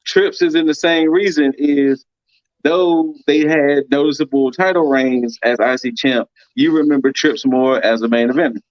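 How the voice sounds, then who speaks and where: A man's voice: on the high side, normal speed, dry recording. A man in a casual panel chat giving blunt opinions, sometimes stumbling over words, on a slightly dull lo-fi mic.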